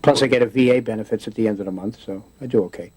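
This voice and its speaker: A man's voice: fairly low pitch, very fast, a little mellow, husky. A man in a casual interview, telling stories in a rambling way with many restarts, often slipping into voices.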